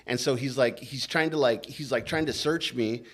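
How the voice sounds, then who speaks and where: A man's voice: mid-range voice, moderate pace. A man, a podcast guest, telling his story in a casual and rambling way, cursing a lot and leaning on "like" and "right?". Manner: profane, rambling, full of "like" and "right?".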